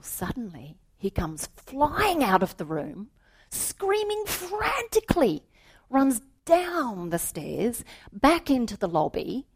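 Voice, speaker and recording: Woman spiritual teacher, slow and lively in pitch, storytelling talk with rhetorical questions. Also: slightly rough. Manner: slow, animated, with soft asides and rhetorical questions.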